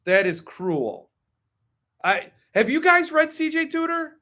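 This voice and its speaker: A man's voice: very high voice, sing-song, slow, bright, forceful tone. A man hosting a casual live-stream about books, talking in a chatty, opinionated way that drifts into wry grumbling rants. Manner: chatty, digresses with ums and asides. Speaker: host.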